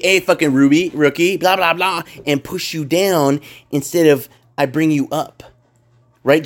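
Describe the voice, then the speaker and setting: A man's voice: a little high, darkish tone. A man in casual podcast chat, rambling and emphatic, swearing freely as he makes his points.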